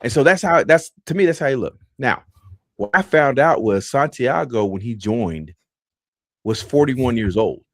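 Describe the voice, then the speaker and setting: A man's voice: medium pitch, expressive, normal speed, no echo. A man hosting a podcast, telling a laid-back, rambling story with many fillers, close to the mic. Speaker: podcast host. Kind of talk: casual storytelling.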